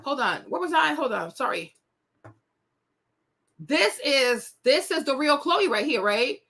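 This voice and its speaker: Sassy high-voiced woman gossip host. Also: sing-song, measured pace, fairly bright tone, slight background noise. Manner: sassy, indignant, talks straight to viewers. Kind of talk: casual celebrity gossip commentary.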